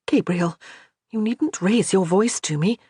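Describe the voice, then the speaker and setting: Man putting on a young noblewoman, troubled, earnest, soft questions, higher voice, dry sound. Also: unhurried, husky, no room sound.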